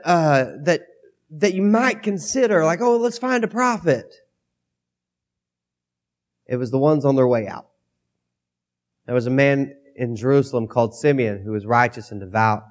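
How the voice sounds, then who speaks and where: A pastor with a cold preaching a sermon into a microphone, reading scripture aloud and then talking it through in a conversational way. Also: male voice, mid-range voice. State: has a cold, coughing.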